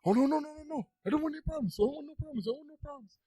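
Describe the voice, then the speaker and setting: A man voicing a panicky male shopkeeper who yells short, repeated phrases, then pleads. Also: very fast, breathy edge, no room sound, clean studio sound. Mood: pleading. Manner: high, frantic, clipped repeated phrases.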